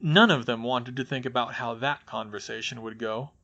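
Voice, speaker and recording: A man reading a fan fiction audiobook in a steady, plain storytelling manner. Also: mid-range voice, moderate pace, gravelly, highs cut off. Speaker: audiobook reader.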